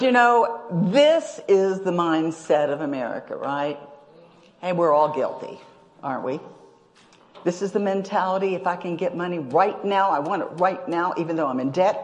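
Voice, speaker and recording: A woman preaching a sermon in a humorous way, chuckling often and addressing the congregation directly. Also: low-pitched. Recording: long hall reverb.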